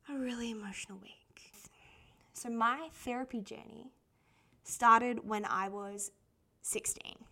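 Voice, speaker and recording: A woman's voice: mid-range voice, a bit bright. A young adult Australian woman hosting a podcast, telling personal stories in a candid, casual way. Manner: chatty and candid, laughs often while telling stories. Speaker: podcast host.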